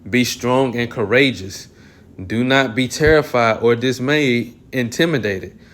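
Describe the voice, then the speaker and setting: A man reading Bible verses aloud and commenting on them, often clearing his throat and restarting phrases. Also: mid-range voice. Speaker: Bible teacher.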